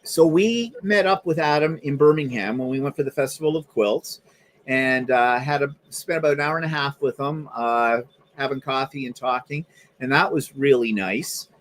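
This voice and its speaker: A man's voice: mid-range voice, normal speed. A middle-aged man from Canada, a livestream host telling stories in casual chat and acting out the voices of the people he quotes. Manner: animated storyteller, acts out quoted voices.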